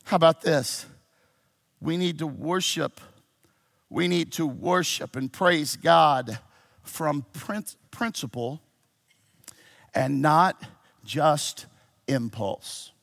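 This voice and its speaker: A man preaches a sermon to a church congregation, swinging from shouted exhortation to low, intimate teaching. His delivery is slow and creaky, with frequent pauses.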